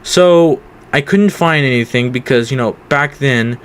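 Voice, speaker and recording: A man's voice: medium pitch, unhurried, slight background noise. A young man from California telling a rambling personal story in a casual storytime vlog, with lots of fillers and restarts. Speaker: vlogger.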